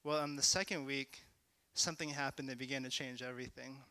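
A young man sharing a testimony in a casual, rambling way, full of "like" and "you know", at times rising to shouting. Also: medium pitch, steady tone, fairly quick, clear, resonant tone, no echo. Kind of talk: testimony talk.

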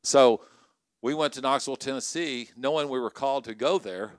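A middle-aged pastor with a mid-range voice preaches a sermon to college ministry leaders at a moderate pace, with no echo. He is conversational and energetic and often asks the crowd questions.

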